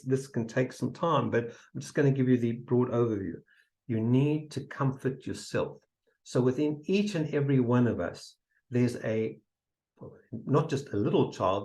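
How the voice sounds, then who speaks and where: A man giving a motivational seminar talk, emphatic and repetitive, sometimes dropping to a soft near-whisper to demonstrate. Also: mid-range voice, rough recording. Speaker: seminar speaker.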